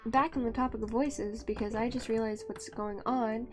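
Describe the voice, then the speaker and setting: A woman streaming a game and chatting with her viewers, speaking softly and rambling. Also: a little high, steady tone, normal speed, soft background music. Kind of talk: casual live-stream chat.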